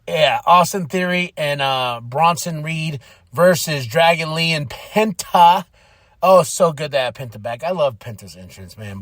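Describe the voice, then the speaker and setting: A man hosting a podcast, recapping a wrestling show in casual chat, excitable and acting out what people said. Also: a little high, dry recording, clean studio sound. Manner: excitable, acts out quotes. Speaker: podcast host.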